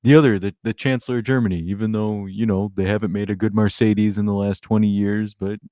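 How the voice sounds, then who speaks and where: A man's voice: fairly low pitch, flat delivery, fairly quick, warm tone, dry recording, clean studio sound, natural voice. A man doing a rambling, boastful impression of a blustery politician, repeating himself.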